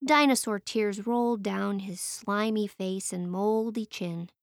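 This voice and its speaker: A woman reading a children's picture book aloud in a playful, expressive way. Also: mid-range voice, unhurried, no echo, studio quality. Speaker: storyteller.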